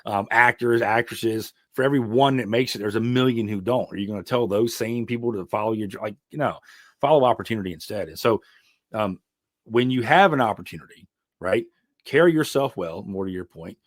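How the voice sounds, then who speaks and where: A man's voice: fairly low pitch, fairly quick, no room sound. A man who is an ironworker and mentor, a podcast guest, giving earnest, emphatic advice with frequent fillers. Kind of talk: casual interview chat.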